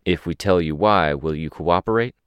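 A man voicing a calm, persuasive police officer who speaks in a measured way. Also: low voice, clean tone, dry recording, close to an everyday voice.

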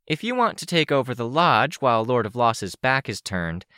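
A man reading an audiobook, voicing a sly, sharp-witted young woman in a teasing, knowing way. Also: mid-range voice, big pitch swings, normal speed, no echo, studio quality, voice pushed up.

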